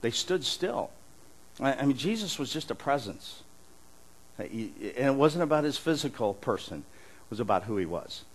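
A middle-aged man preaching like a pastor in easy, conversational tones. He talks animatedly at a middling pitch, doubling back over his words and letting out frequent chuckles. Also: normal speed, slightly rough, low-quality recording. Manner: animated, repeats and restarts words, chuckles often. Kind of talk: conversational sermon.

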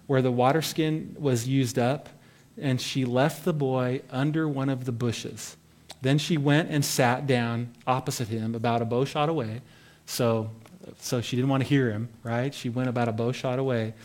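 A man giving an informal devotional Bible teaching, reading scripture aloud and then commenting in a loose, conversational way. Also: mid-range voice.

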